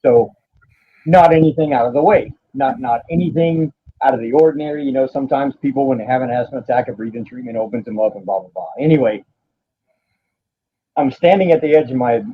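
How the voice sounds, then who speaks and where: A man, a podcast guest telling a painful personal story in a halting, profane way, stopping now and then to steady himself. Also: medium pitch, a little hiss or hum. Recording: dull lo-fi audio.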